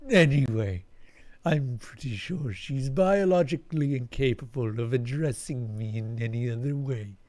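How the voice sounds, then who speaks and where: A huge cat-lizard alien with a guttural, growling voice, as a storyteller puts him on. He speaks slowly and heavily, weary and blunt, with a distant, roomy timbre. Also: mid-range voice, a little mellow, natural voice. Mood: resigned.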